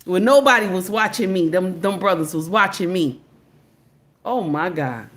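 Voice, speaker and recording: A woman's voice: fairly low pitch, animated, moderate pace. A woman hosting a live stream, talking casually and emphatically to her chat, repeating phrases and greeting viewers by name. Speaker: livestream commentator.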